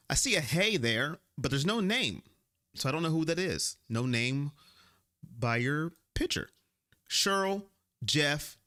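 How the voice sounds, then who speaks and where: Casting: male stream host, high lively voice, bright and emphatic, chatty fan commentary. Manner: animated, reads chat names, paraphrases a player in an emphatic voice. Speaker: sports livestream host. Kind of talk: casual fan livestream commentary.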